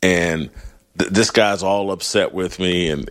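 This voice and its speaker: A man's voice: deep voice, a little slow. A middle-aged man hosting a sports talk show, delivering a blunt, opinionated monologue with frequent laughs and restarts. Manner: animated, blunt, laughs often, restarts mid-phrase.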